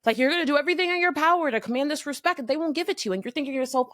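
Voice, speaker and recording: Candid, animated woman with a gravelly edge. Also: high-pitched, very fast, hardly any pauses, no room sound, studio quality. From Miami, Florida. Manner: candid, animated, swears casually. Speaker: podcast host. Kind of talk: casual motivational monologue.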